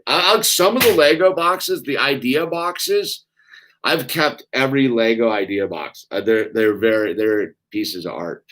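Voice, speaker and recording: A man's voice: mid-range voice, fairly bright tone. A middle-aged man, chatting casually and rambling while building Legos, saying "dude" a lot. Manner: laid-back, rambling, says "dude" a lot. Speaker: vlogger.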